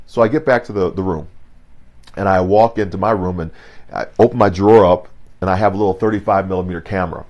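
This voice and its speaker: A man's voice: deep voice, a little mellow. Rhythmic, dynamic motivational speaker man. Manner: dynamic, rhythmic, repeats for emphasis. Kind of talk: online keynote talk with storytelling. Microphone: video call.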